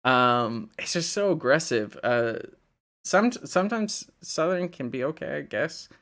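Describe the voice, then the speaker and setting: A man's voice: on the high side, expressive, measured pace, a bit bright. A young man from Indiana, rambling casually on a livestream, laughing and swearing as he reads chat. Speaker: livestream host.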